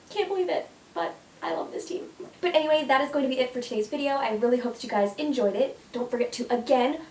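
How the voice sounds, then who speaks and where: A woman's voice: a little high, a little mellow. A young woman vlogging a casual countdown, gushing and emotional, full of "like" and "oh my gosh.". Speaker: YouTuber. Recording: echoey room, mic at a distance.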